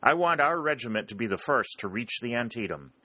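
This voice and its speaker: A commanding Union colonel, as a man reads him, emphatic and quick to exclaim. His voice is raised a little above the reader's plain tone, forceful and bright. The sound is close and dry. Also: mid-range voice, lively intonation, no room sound, pitched above the performer's own voice. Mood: resolute. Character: commanding middle-aged male Union colonel, emotional.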